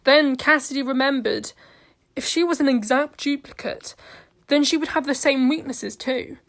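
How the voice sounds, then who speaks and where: A woman narrates a homemade audio story with an earnest, steady delivery. Her voice is fairly high, and she reads the scenes aloud without much fuss. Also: moderate pace.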